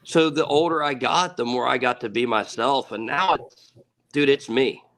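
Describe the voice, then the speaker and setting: A man's voice: mid-range voice, moderate pace, fairly bright tone. A man in his thirties, a guest on a podcast, telling a story in an earnest, casual way, repeating words and swearing offhandedly. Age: 30s. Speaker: podcast guest, ATV racer.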